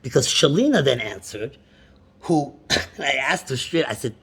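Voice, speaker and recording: A man's voice: medium pitch, big pitch swings, unhurried, a bit bright, breathy edge. A man on a phone call, complaining at length about a bank with frustrated, repetitive restarts and sudden outbursts. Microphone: phone call recording.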